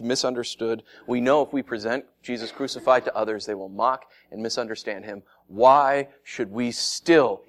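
A man preaching a sermon as pastor, animated and fond of acting out mocking voices, with frequent laughs. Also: mid-range voice.

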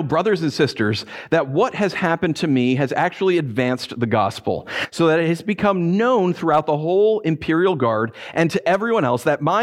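A man preaching a sermon as a pastor, telling stories and acting out his own frustrated voice. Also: fairly high pitch. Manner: animated storytelling, acts out his own frustrated voice.

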